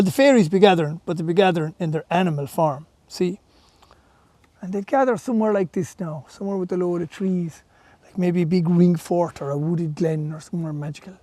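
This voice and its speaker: An Irish man telling a folk tale with lilting, animated delivery and hushed asides. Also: high-pitched, dry recording. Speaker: storyteller. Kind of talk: folk storytelling.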